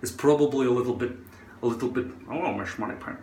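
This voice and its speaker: A man's voice: mid-range voice, quick pace, mellow, echoey room. A man doing a playful put-on Scottish accent, swearing now and then, while casually explaining how to attach a hairpiece in front of a mirror at home. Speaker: hairpiece vlogger.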